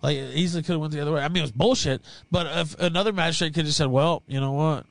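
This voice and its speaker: A young man with a slightly high voice telling a story, blunt and full of swearing. It is recorded dry and close, with no room sound. The talk is casual podcast chat. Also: fairly even intonation, racing, creaky, no room sound, poor audio.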